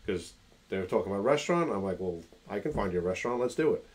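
A man's voice: on the low side, animated, racing. A man who hosts a casual chat and works as a realtor, telling stories with energy and enthusiasm. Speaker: host, realtor.

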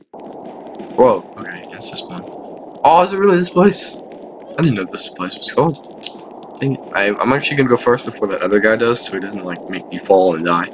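A man's voice: fairly low pitch, highs cut off, a little hiss or hum. A man giving casual, self-mocking let's-play commentary on a game, talking to viewers and laughing often. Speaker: gaming YouTuber.

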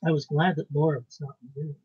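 A man reading a ghost story aloud in a measured, formal storytelling manner. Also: fairly high pitch, level tone, a little mellow, slightly rough. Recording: dull lo-fi recording.

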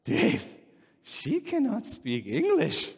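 A man's voice: medium pitch, wildly swooping pitch, takes it slowly, vocal fry, husky, in a large hall, heavily acted. A man impersonating a friend, an insistent pastor who firmly repeats himself.

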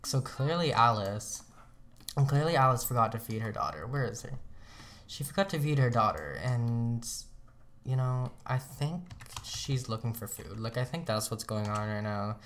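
A man's voice: mid-range voice, animated, moderate pace, fairly bright tone, slight background noise. A young man casually commenting on his gameplay as a let's play host, chatty and rambling, often laughing at himself.

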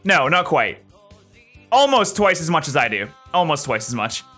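A man giving excitable, joking gameplay commentary as a gaming YouTuber, yelling at his wins. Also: fairly high pitch, soft background music. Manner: excitable, jokey, yells at wins, mock-slow reading.

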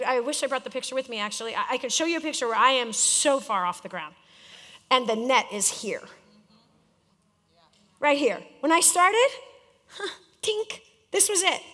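In a voice that sits high, a coach from California teaches a live business seminar crowd in a direct, animated, challenging way. The recording carries a large hall's long reverb.

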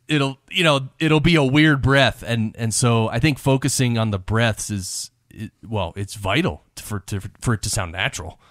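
Host, male, mid-pitched, chatty and laughing, dry close mic. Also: a bit bright, no room sound. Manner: chatty, quick to laugh, many fillers like "like". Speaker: podcast host. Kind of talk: conversational interview.

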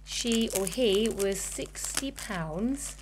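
A woman's voice: mid-range voice, animated, extremely slow, background noise. A woman in her thirties, a mother filming an unboxing with her daughter, gasping and exclaiming with delight. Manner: gushing, keeps gasping and exclaiming. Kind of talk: excited unboxing vlog.

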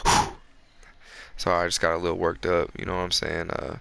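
A man giving live gameplay commentary on a close desk mic, excitable and boastful, with breathy asides to his viewers. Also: sits low, quick pace, dry recording. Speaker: gaming video creator. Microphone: close desk microphone.

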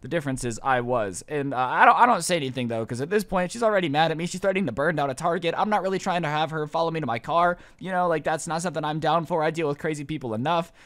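Bright-voiced young man telling stories. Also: a little high, fast talker, hardly any pauses, no room sound. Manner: rambling, animated and sarcastic. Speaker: YouTuber host. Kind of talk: comedic storytime vlog.

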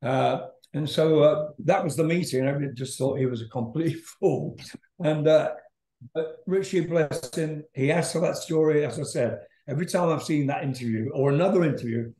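A man's voice: on the high side, normal speed, warm tone. An older man, a rock singer, telling a rambling story in a casual interview, laughing and swearing as he goes. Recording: roomy echo.

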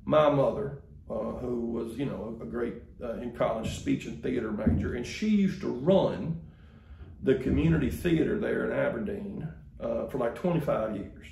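A man's voice: medium pitch, normal speed, vocal fry, mellow, roomy sound. A man, preaching a sermon as the pastor in a folksy, conversational storytelling way. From Mississippi, US.

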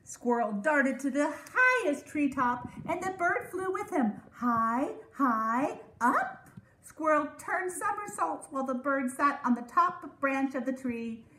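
High-voiced woman reading a storybook. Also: big pitch swings. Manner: warm, measured reading to children. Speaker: teacher. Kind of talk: children's storybook read-aloud. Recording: echoey room.

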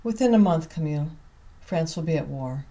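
A man voicing a methodical, serious Frenchman in an audiobook reading, who delivers his lines gravely and insistently. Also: a little high, animated, moderate pace, warm tone.

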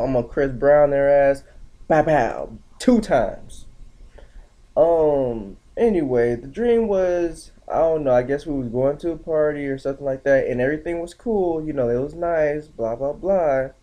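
A young man telling a story casually on his vlog, slangy and animated, acting out the other people's lines in shifting voices. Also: medium pitch, measured pace. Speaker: vlogger.

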